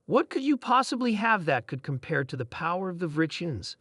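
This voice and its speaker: A man's voice: sits high, very animated, brisk, a bit bright, no echo, studio quality, heavily acted. A man voicing an arrogant, mocking male alien warrior, speaking in a scornful, taunting way. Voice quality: harsh growling laugh in the text.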